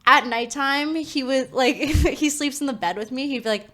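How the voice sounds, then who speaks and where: A woman co-hosting a podcast, telling a story in casual chat, animated and laughing, full of filler words. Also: sits high, normal speed. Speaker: podcast co-host.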